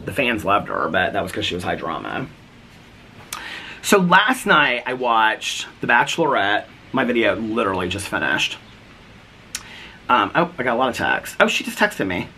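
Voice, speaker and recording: A man's voice: fairly low pitch, big pitch swings, moderate pace, pauses often, bright, forceful tone, slight background noise. A middle-aged man chatting casually in a daily vlog from his front porch, retelling his day with quoted back-and-forth dialogue. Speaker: vlogger.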